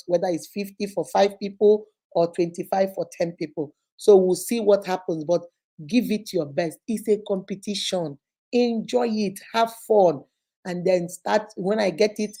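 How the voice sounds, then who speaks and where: A woman with a Nigerian accent hosting a vlog, chatting casually and animatedly to her viewers. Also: mid-range voice. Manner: animated, preachy. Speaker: vlogger host.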